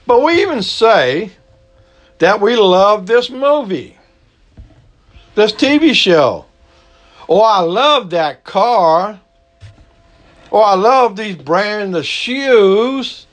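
A middle-aged man with a Southern Cajun accent, preaching a sermon in a slow, folksy way and stretching out his key words. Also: a little high. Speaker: pastor.

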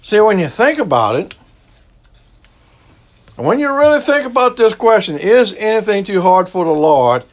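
A man's voice: high voice, sing-song, normal speed, long pauses. A man preaching a sermon as a pastor, in a folksy, conversational way. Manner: folksy, conversational preaching with Southern turns of phrase.

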